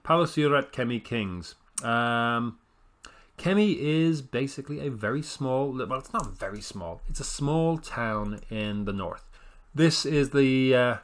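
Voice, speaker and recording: A man casually commenting on a football management game, rambling and self-correcting with wry understatement. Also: mid-range voice. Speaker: gaming video host.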